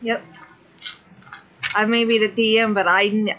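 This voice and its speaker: Woman, casual gaming chat, giggly, bright sharp tone. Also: medium pitch, flat delivery, normal speed, long pauses, rough recording. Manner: giggly, laughs often. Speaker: streamer and tabletop player.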